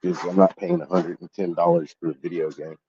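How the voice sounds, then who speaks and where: A man with a low, dark, mellow voice tells a store story in a casual vlog. He rants heatedly and swears freely, and his voice leaps up when he gets angry. The recording sounds a bit dull and lo-fi. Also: level tone, a little fast, breathy edge, dry recording. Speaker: collectibles channel host.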